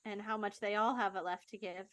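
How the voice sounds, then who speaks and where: A woman's voice: medium pitch, steady tone, a little fast, no room sound. A woman playing a tabletop game, rambling playfully and trailing off. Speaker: player. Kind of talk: tabletop role-play.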